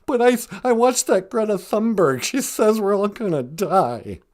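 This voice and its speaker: A man's voice: high-pitched, lively intonation, moderate pace, a little mellow, pitched above the performer's own voice. A man voicing a jittery, very old male lion who frets and whines, tacking "man" onto his lines. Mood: panicky. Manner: frantic, whiny, keeps saying "man". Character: jittery ancient male lion, panicky worrier.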